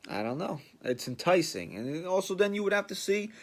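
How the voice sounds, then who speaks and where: A man's voice: sits high, big pitch swings, a little fast. A man hosting a podcast, giving a blunt, sarcastic sports rant and mocking the people he talks about. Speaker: podcast host.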